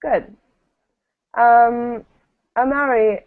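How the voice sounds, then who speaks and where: A woman runs an online English class in a patient, unhurried manner, filling her pauses with soft ums. Her voice sits a little high. The sound is dry and thin, as if it came over a video call. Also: no room sound. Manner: patient, explaining slowly with frequent ums. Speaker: English teacher. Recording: tinny phone-like call audio, dry.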